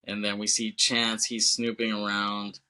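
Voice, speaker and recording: A man co-hosting a podcast, casually retelling a film scene by scene and dropping into quick quoted lines with laughter. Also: lowish voice, completely flat delivery, bright, forceful tone. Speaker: podcast co-host. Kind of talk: casual movie recap.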